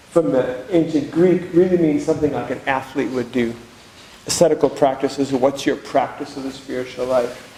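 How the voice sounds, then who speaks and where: A man's voice: mid-range voice, warm tone. A man, a monk, giving a spiritual retreat talk in a conversational, reflective way with humorous asides. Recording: very echoey room with faint background noise.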